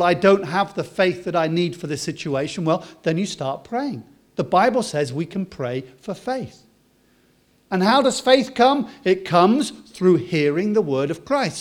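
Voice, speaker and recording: A British man preaching a sermon, swinging from loud, emphatic lines to soft, slow, drawn-out words. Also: sits high. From Britain.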